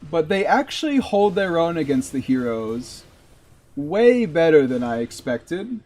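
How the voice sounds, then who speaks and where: A man's voice: fairly high pitch, very animated, unhurried, mellow. A man streaming a game, chatting casually and rambling with lots of "like". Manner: rambling, heavy use of "like". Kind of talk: casual live-stream commentary.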